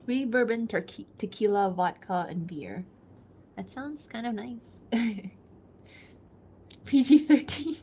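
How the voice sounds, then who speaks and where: A woman talking casually to her stream chat as she draws, answering viewers' messages aloud. She rambles, thinks out loud and laughs often, in an ordinary mid-range voice. There is a faint noise underneath. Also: medium pitch, expressive, measured pace. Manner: chatty, giggles often, thinks aloud with fillers. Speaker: livestreaming artist.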